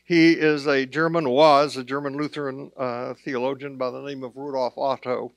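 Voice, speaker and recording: A man's voice: mid-range voice, level tone, normal speed, vocal fry, no room sound, clean studio sound. A man preaching a sermon in a conversational way, with plain asides to the congregation. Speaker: pastor.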